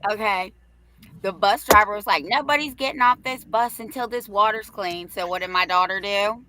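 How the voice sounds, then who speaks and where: A middle-aged woman hosting a livestream, telling a story in a brash, profane, animated way. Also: mid-range voice, moderate pace, background noise. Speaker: host.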